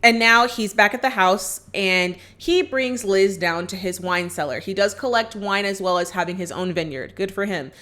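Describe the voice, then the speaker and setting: Talking directly to her audience, a woman vlogger casually retells a film's plot, upbeat and chatty, performing the characters' lines as she goes. She has a mid-range, slightly bright voice and a moderate pace with few pauses.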